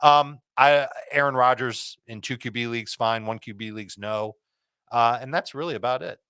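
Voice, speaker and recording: A man with a mid-range voice rattles off fantasy football picks in a confident, quick-fire way. The recording is close and dry, with no room sound. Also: medium pitch, pushed and bright, clear, resonant tone, dry recording. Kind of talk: quick start-sit advice.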